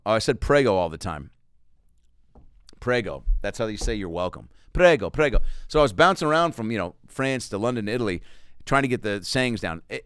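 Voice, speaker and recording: Low, smooth-voiced comedian riffing. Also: male voice, fairly bright tone, no echo, clean studio sound. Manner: loose, profane, riffing with silly voices. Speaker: comedian podcast host. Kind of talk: casual comedic monologue.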